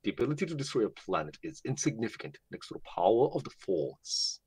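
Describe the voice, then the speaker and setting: A man doing an impression of a menacing armored male space villain, speaking very close to the mic so his voice sounds muffled and deep. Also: sing-song, darkish tone, husky, no echo, full character voice. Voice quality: deep, slow, solemn delivery.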